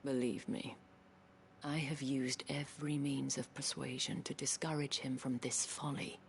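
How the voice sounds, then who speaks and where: An actress playing a worried, articulate noblewoman who speaks formally, sometimes in a hushed voice. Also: rumbling low, level tone, a little slow, gravelly, slight background noise, heavily acted. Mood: troubled. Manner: formal, eloquent speech, at times hushed.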